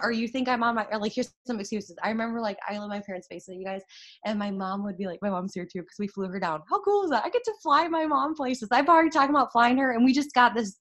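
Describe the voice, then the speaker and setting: In a chatty, excitable motivational talk, a young woman with a fairly high-pitched voice shares her network marketing success with her followers, laughing and using lots of fillers.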